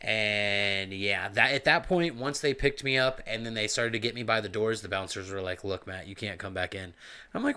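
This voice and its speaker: A man's voice: on the low side, fairly quick, clear, resonant tone. A man, co-hosting a podcast and telling a rowdy, profane bar story. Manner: loud, profane, animated when quoting himself. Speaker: podcast co-host.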